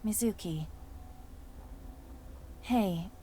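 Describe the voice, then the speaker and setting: An actress voicing a calm, analytical female AI in a video game, speaking in a matter-of-fact way. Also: mid-range voice, drawn-out words, slight background noise.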